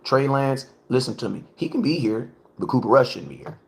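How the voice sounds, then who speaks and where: Brief: male live-stream host, mid-pitched, slangy and chatty, repeats lines, drags words out to make a point, talking into a phone at home. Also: expressive, a little fast, darkish tone. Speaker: livestream host. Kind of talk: casual live-stream sports talk. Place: home, cooking.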